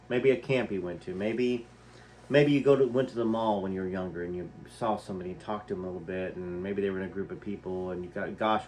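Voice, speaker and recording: A man's voice: on the low side, a little mellow. A man reading a book aloud and stopping to comment, talking straight to his listeners and asking them questions. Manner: conversational, poses questions to listeners.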